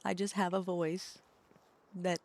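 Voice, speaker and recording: A woman's voice: fairly low pitch, little pitch movement, slow, a little mellow, a little hiss or hum. A woman streaming a video game, chatting casually and joking about herself with frequent laughs. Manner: self-deprecating, joking, laughs often. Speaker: VTuber streamer. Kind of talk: casual chat while gaming. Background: game music.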